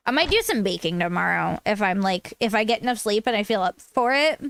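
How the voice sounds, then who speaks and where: A woman's voice: medium pitch, lively intonation, fairly quick, vocal fry, a bit bright. A woman streamer chatting casually and enthusiastically while playing a game. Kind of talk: casual chat while gaming.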